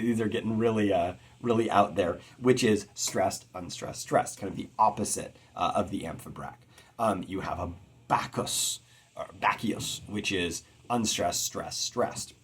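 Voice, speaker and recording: A man giving an earnest, expressive lecture on poetic meter, sounding out rhythms as he teaches. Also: on the low side, husky. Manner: earnest and expressive, tapping out rhythms with spoken syllables. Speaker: poetry teacher.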